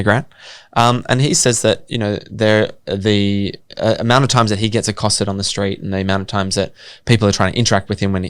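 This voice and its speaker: A young Australian man, a city councillor co-hosting a podcast, chatting casually in a quick, wry, joking way. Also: lowish voice, clear, resonant tone, no echo, studio quality. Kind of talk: casual chat.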